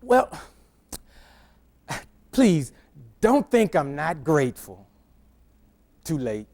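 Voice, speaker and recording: Slow, high-voiced pastor telling a funny story. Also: male voice, big pitch swings, darkish tone. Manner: humorous, repeats and restarts words. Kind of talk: conversational storytelling sermon.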